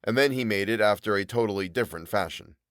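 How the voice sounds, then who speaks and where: A man narrating an old serial story aloud in a measured, dramatic way. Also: on the low side, fairly bright tone, dry recording, clean studio sound. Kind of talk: reading a Victorian serial aloud.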